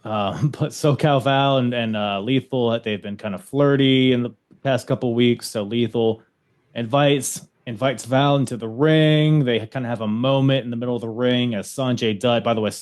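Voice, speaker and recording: A man's voice: mid-range voice, steady tone, normal speed, darkish tone. A man hosting a podcast, recapping events in a loose, casual chat and laughing often. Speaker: podcast host.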